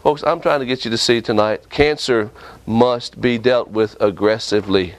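A man preaching a sermon with impassioned delivery, often jumping up and down in pitch for emphasis. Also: normal speed.

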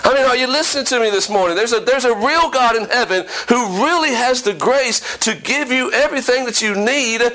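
A man preaching an animated, emphatic sermon in a church, repeating phrases and acting out quotes. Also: very high voice, brisk, hardly any pauses, rough recording. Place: church before a responding congregation.

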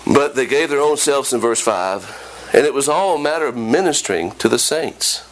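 A man preaching an animated, emphatic sermon in a church, repeating phrases and acting out quotes. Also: medium pitch, normal speed, a little hiss or hum, poor audio. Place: church before a responding congregation.

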